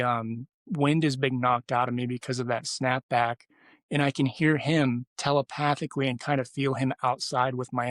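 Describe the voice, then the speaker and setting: A man's voice: medium pitch, a bit bright, no echo. A man who is a podcast guest, telling a personal story in casual conversation and rambling with many restarts and fillers.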